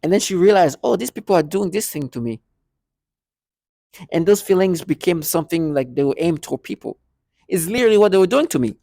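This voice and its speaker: A man's voice: high-pitched, expressive, a little fast, creaky, mellow, no echo, clean studio sound. A man speaking in a rambling personal monologue, full of restarts and repeated words, acting out remembered conversations. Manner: acts out both sides of remembered conversations. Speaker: vlogger.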